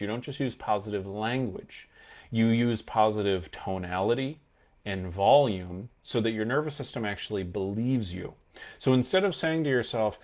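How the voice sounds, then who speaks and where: An earnest male mental health coach teaches in a fairly low voice. He leans hard on his key points and now and then shows a tone of voice to make them clear. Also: a little mellow. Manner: earnest, emphatic, demonstrates tones of voice while teaching. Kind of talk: explanatory coaching talk to camera.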